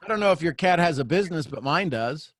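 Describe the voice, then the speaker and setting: A man's voice: on the high side, noisy background. A man coaching a woman live, encouraging and emphatic, often repeating phrases. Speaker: host, life coach.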